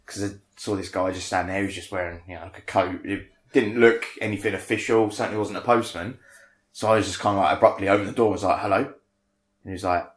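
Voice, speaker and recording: A man with a fairly low voice tells a rambling, self-mocking tale and swears as casually as he breathes. The room around him is echoey. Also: fairly even intonation, fast talker. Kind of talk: casual anecdote among friends.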